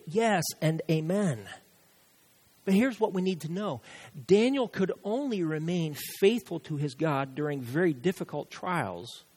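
Male pastor, higher-pitched, animated sermon style with big swings in loudness. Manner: animated preaching with sudden rises and soft drops.

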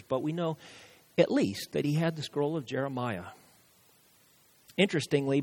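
A male pastor preaching a sermon, animated, with sudden rises and soft drops. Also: fairly high pitch.

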